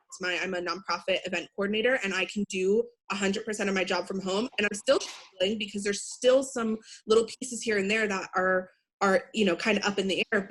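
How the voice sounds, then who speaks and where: A woman hosting an interview, enthusiastic and rambling, full of fillers. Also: mid-range voice. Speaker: interview host. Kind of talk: casual interview over video call.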